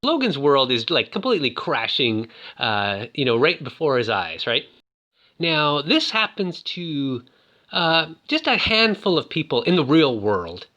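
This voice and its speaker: Chatty man with a lively voice. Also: on the high side, unhurried, dull audio. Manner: rambling, lots of fillers and "like". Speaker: toy reviewer. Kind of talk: casual chat.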